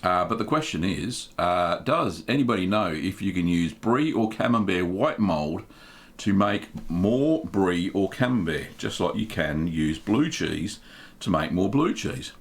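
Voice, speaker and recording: Australian man, middle-aged, gravelly low voice, casual live-stream host, friendly greetings to viewers. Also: lively intonation, measured pace. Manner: chatty, greets viewers one by one with "g'day, mate".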